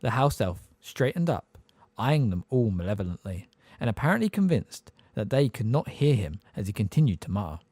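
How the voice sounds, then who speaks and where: A man narrating an audiobook with an expressive, varied reading. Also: lowish voice, moderate pace, dry recording.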